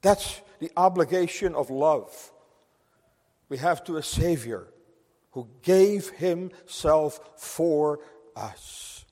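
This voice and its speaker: Earnest preacher, voice ringing in a hall. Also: male voice, on the high side, slow. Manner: earnest, emphatic, swings between loud stress and quiet. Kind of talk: sermon. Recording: long hall reverb.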